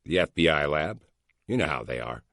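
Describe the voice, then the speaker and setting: A man's voice: extremely low pitch, lively intonation, moderate pace, gravelly, a bit bright, no echo, studio quality, exaggerated voice. A man reading a glum young agent. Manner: glum, weary. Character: young male agent, morose and put-upon.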